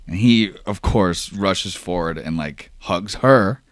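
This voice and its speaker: A man's voice: low voice, slow pace, no echo, studio quality. A man narrating as game master of a tabletop role-playing game, casual and swearing freely with lots of fillers.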